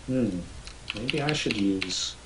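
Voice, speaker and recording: Man, low voice, hesitant, curious, distant mic, faint hiss, keyboard typing. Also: lively intonation, takes it slowly. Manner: hesitant, curious, asks questions. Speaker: stream co-host. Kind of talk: casual live stream chat.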